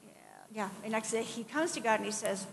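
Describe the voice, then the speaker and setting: A middle-aged woman preaching a sermon in a conversational, animated way, with asides and acted-out quotes. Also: a little high, fast talker, creaky, a crowd in the background. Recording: long hall reverb, faint background noise.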